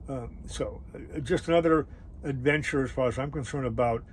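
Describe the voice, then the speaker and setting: A middle-aged man casually telling a travel story, rambling and halting with many fillers and restarts. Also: mid-range voice, slight background noise, poor audio. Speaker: travel vlogger.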